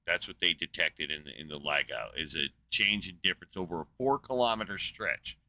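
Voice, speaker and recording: Deep, sharp-voiced man ranting profanely. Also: brisk. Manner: rambling, profane, filler-heavy, incredulous. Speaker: podcast host. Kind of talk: casual profane rant.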